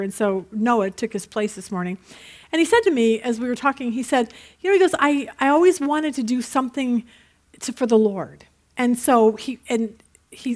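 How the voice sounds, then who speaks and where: A woman teaching a Bible study in a conversational way, telling stories and checking in with her listeners. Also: a little high. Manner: chatty, checks in with listeners with "okay?"; lively storyteller.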